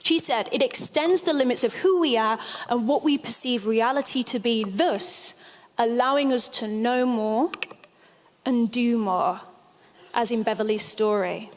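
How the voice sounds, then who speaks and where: A woman speaks from a stage in an animated storytelling manner, leaning hard on key phrases. Her voice sits a little high. The sound rings with the long reverb of a large hall. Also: measured pace. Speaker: speaker giving a stage talk. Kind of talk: storytelling lecture.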